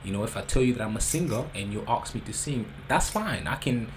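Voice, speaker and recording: A man's voice: medium pitch, lively intonation, a little fast, rough recording. A man, hosting a reaction video in a loose, joking commentary with slang. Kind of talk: casual commentary. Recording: background noise.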